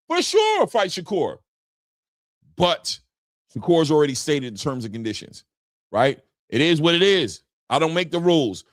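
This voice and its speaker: A man hosting a casual boxing talk livestream, reading viewer chat messages aloud in an animated, slangy way, repeating phrases and laughing often. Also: fairly high pitch, moderate pace, dry recording, studio quality. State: just woke up.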